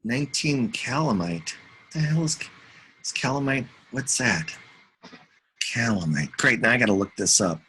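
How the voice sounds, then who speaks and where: A man's voice: medium pitch, lively intonation, unhurried, pushed and bright, a little hiss or hum. A man giving a casual, rambling live commentary on currency charts, chatting with viewers and talking to himself as he goes. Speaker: market commentator.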